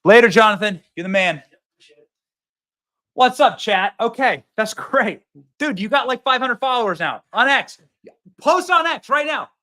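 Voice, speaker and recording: A man hosting a casual live stream, talking excitably and rambling with lots of restarts. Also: very high voice, unhurried. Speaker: host. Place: small cabin booth at an event.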